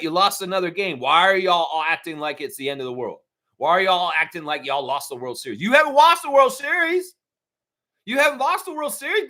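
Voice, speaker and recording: A man hosting a live fan show, ranting with lots of swearing and mocking impressions of other fans. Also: fairly high pitch. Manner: profane, animated ranting with mocking put-on voices. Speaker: sports podcast host.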